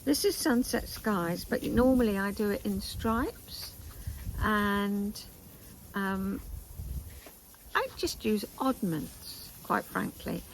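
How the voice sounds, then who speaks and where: An older woman hosting a knitting vlog, chatting in a meandering way with asides and pauses, outdoors in a garden. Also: medium pitch, slight background noise, low-quality recording. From England. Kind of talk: casual chat to camera.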